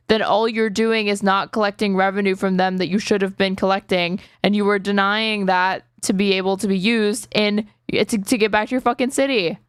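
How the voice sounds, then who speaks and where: A woman's voice: medium pitch, clean tone, no room sound. Woman streamer, profane exasperated commentary, dry close sound. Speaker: streamer host.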